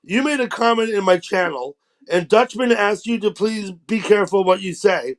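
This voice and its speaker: A man hosting a livestream, calmly and firmly repeating his point to an upset viewer. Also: high-pitched, normal speed. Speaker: livestream host. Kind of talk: calm mediation.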